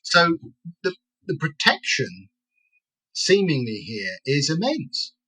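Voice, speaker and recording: A man's voice: a little high, wildly swooping pitch, slow, bright, forceful tone, slightly rough, rough recording. A man being interviewed as an expert guest, explaining in a lecturing way and tagging his points with "right?" and "okay?".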